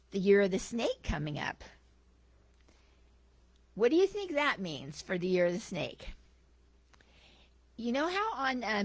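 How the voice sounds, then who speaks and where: Brief: enthusiastic woman guest speaker, jokey church storyteller, mid-pitched, dry close sound. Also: no room sound.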